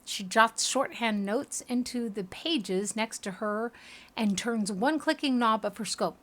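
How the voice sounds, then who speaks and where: A woman's voice: on the high side, measured pace. A woman reading a game aloud, dropping candid, self-deprecating asides. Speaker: game reader.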